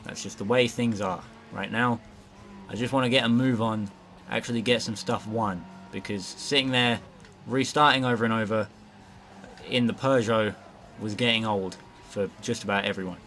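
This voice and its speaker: A man's voice: on the low side, fairly even intonation, moderate pace, a bit bright, a little hiss or hum. A man casually narrating his gameplay as a let's play host, rambling with lots of fillers and frequent swearing. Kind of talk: gameplay commentary.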